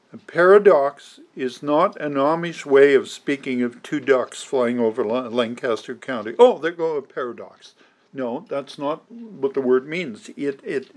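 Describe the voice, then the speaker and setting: In a fairly high-pitched voice, a pastor gives a sermon to his congregation, speaking with deliberate emphasis and an occasional dry aside.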